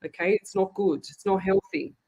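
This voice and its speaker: A woman's voice: mid-range voice, normal speed, a little mellow. An Australian woman, a psychic medium, hosting a live show and chatting frankly with her viewers. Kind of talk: casual live-stream chat.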